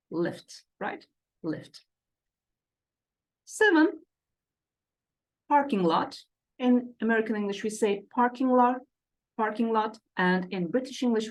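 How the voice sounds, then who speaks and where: A woman teaching English vocabulary, repeating each word pair slowly and checking in with "okay" and "right". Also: a little high. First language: Turkish. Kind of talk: slow classroom lesson explanation.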